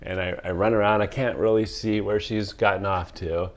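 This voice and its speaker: Casual male host, lowish voice, rambling anecdotes, laughs a lot. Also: fairly even intonation, normal speed. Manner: rambling storyteller, laughs often. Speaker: podcast host. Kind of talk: casual chat.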